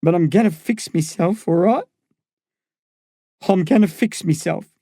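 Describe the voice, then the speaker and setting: A man voicing a drunk, wheezing father lying on an ambulance gurney, speaking with rough tenderness. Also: sits high, a little slow, dark tone, no echo, studio quality, pitched above the performer's own voice. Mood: tender.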